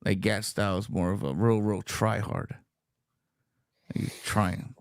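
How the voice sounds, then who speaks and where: A man's voice: on the low side, little pitch movement, measured pace, clear, resonant tone, dry recording, clean studio sound. A man chatting casually as a stream guest, laid-back and hesitant when giving opinions. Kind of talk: casual chat on a live stream.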